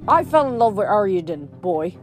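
A woman's voice: medium pitch, very animated, normal speed, soft background music, natural voice. A woman voicing a bored, sneering male god of wine who drawls his words with contempt. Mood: cold.

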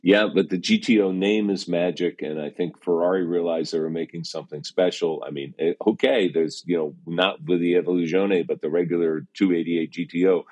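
A man's voice: low-pitched, steady tone, a little fast, few pauses, darkish tone, dry recording. A middle-aged man, a classic car valuation expert, chatting casually and hesitantly with lots of fillers and some wry teasing. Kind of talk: casual conversational chat.

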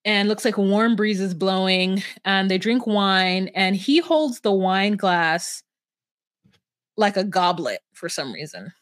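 Podcast lady telling a long rambly story, mid pitch, dry close mic. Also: lively intonation, slow pace, no echo. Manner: rambling storyteller, acts out quotes. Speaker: podcast co-host. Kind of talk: casual recap chat.

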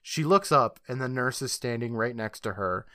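A man co-hosting a podcast, recapping a TV episode in casual, animated chat and laughing often. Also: medium pitch, normal speed, dry recording. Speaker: podcast co-host.

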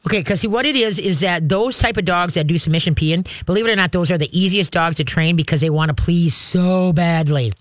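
A man hosting a call-in radio show, giving dog training advice in a chatty, halting way, often acting out voices of dogs and owners. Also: high voice, dry recording, clean studio sound.

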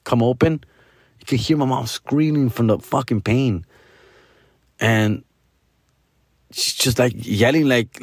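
A young man rambles through a comedic story, full of profanity and Spanish slang. His voice is mid-pitched and sounds close and dry. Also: no echo. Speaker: podcast host.

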